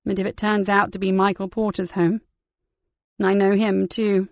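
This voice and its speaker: Troubled, hesitant male vicar, read by a woman with a gravelly edge, dry close sound. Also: high voice, completely flat delivery, moderate pace, no echo. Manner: hesitant, quietly worried. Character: troubled middle-aged male parish vicar.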